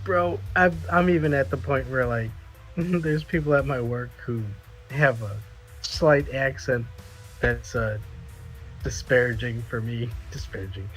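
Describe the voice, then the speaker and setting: A man rambles through casual podcast chat, crude and often groping for the right word. His voice sits at a middling pitch, with faint music behind him. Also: a little slow, a bit bright, low-quality recording. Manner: rambling, crude, searching for words. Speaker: podcast panelist.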